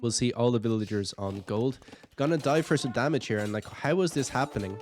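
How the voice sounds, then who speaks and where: A man's voice: medium pitch, fairly quick, darkish tone, faint music behind. A man giving casual commentary on a strategy game match, chatty and thinking aloud with light jokes. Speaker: game caster.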